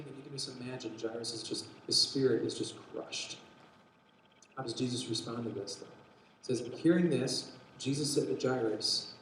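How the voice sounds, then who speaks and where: A man preaching a sermon, telling a Bible story with lively acted-out dialogue and frequent restarts. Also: medium pitch, moderate pace, a little hiss or hum. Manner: animated storytelling, acts out quotes, restarts often. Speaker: pastor. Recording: very echoey hall.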